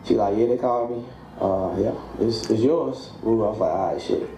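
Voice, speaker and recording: Speaking at normal speed in a fairly low voice, a man recounts a personal story in a relaxed way, imitating the people involved and laughing mid-story. The recording has a roomy echo and faint background noise.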